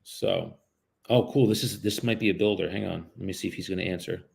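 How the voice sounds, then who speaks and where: A man's voice: low voice, fairly even intonation, fairly quick, vocal fry, a little mellow. Young male real estate broker streaming his cold calls, slangy and casual with viewers, polite on the phone. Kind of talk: live-streamed cold calling.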